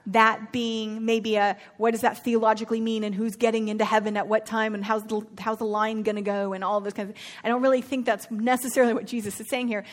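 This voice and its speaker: A woman teaches from the pulpit in a loose, chatty way, slipping into casual slang as she acts out the characters of a parable. Her voice sits a little high, and she moves between explaining and animated retelling. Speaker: preacher.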